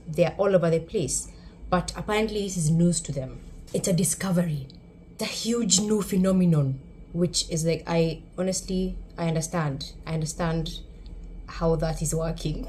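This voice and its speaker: A woman's voice: on the low side, slight background noise. Wry Kenyan woman vlogging. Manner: wry, sarcastic and emphatic. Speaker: YouTube commentator. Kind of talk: humorous commentary vlog.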